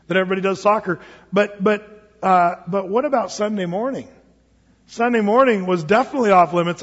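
High-voiced joking pastor in a hall. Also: male voice. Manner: conversational, joking asides. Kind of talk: sermon. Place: church sanctuary. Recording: dull sound with long hall reverb.

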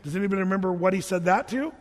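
A male pastor delivers a sermon in a relaxed, conversational manner, stumbling and restarting as he goes. His voice sits high for a man. A long reverb trails each phrase, as if recorded in a large hall. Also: rapid-fire. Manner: casual, chatty preaching with many restarts.

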